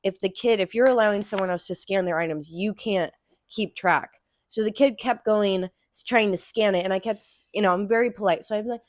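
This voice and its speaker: A young woman co-hosting a casual chat show, telling animated stories about her work as a cashier. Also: fairly quick, dry recording, clean studio sound. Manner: animated storytelling, acts out customers in high voices. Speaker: podcast co-host.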